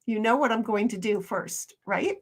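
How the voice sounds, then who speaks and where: Woman streamer, fairly high voice, rambling casual chat, lots of restarts. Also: normal speed. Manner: rambling, chatty, with many restarts.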